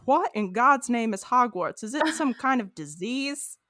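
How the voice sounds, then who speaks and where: A woman's voice: fairly high pitch, expressive, a little slow, a bit bright, voice pushed up. Hank Hill, as a woman puts him on with a Louisiana drawl. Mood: incredulous. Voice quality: drawling, incredulous.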